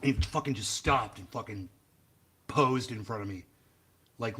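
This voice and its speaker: Fairly low in pitch, with a pushed, bright sound and a breathy edge, a male livestream host speaks at a moderate pace. He delivers a casual, blunt, profanity-laced rant and chats with viewers in the live chat.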